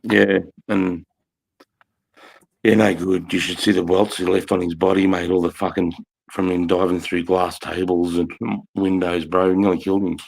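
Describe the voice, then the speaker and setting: A man's voice: low-pitched, little pitch movement, moderate pace, creaky, a little mellow, low-quality recording. A man, telling a rambling story in casual livestream chat, swearing often and saying mate and bro.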